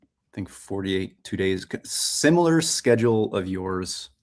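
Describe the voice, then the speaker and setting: A man co-hosting a podcast, telling a story in relaxed casual chat with frequent ums. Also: low-pitched, measured pace. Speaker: podcast co-host.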